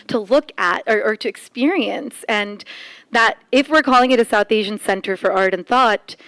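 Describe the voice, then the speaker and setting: A woman's voice: on the high side, a bit bright, smooth, no room sound. A woman speaking on a conference panel in a chatty, joking way, with frequent laughs and filler words. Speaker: panelist and arts center organizer. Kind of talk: casual panel talk. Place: conference room.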